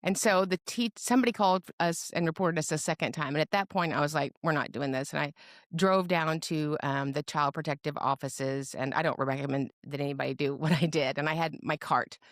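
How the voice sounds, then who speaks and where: In clean studio sound with no echo, a middle-aged woman speaks in a low, brisk voice as a podcast guest and special education advocate. She tells her personal story with humor, lively and acting out the voices of the people she quotes in this interview.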